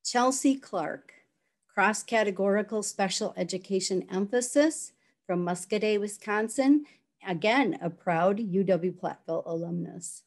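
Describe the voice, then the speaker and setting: A woman giving a formal, measured commencement address and reading out the names of graduates. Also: medium pitch. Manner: measured, congratulatory. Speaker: education program speaker.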